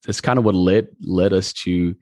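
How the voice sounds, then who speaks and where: A man's voice: low-pitched, normal speed, no echo, clean studio sound. A pastor telling his story in a conversational interview, acting out the dialogue as he goes. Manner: animated storyteller, acts out dialogue.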